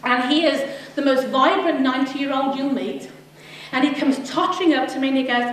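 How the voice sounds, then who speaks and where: A woman in her forties telling a lively, laughing story to a live audience, acting out her own thoughts as she goes. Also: high voice, moderate pace. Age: 40s. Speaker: speaker giving a community talk. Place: large hall with a live audience. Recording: echoey hall, mic at a distance, audience noise.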